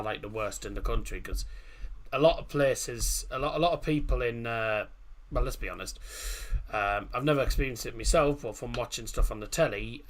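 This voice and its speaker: A man's voice: medium pitch, a bit bright. A man hosting a football watchalong stream, rambling casually through viewer comments with lots of fillers and restarts. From Middlesbrough, England. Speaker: livestream host. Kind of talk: casual chat reading live comments.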